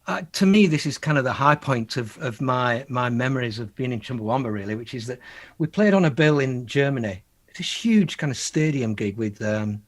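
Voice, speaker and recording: A man's voice: medium pitch, fairly quick. Male guest, storyteller energy, voices the quotes, laughs through it. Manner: animated storyteller, acts out quotes, laughs often. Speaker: guest musician. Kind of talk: anecdotal interview talk.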